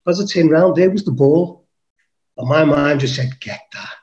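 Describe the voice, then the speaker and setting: A man's voice: a little high, moderate pace, a little mellow, roomy sound, highs cut off. A man from England, a podcast guest, telling a rowdy story with lots of swearing and acting out his own lines. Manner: swears casually, acts out his own quotes. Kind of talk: animated storytelling.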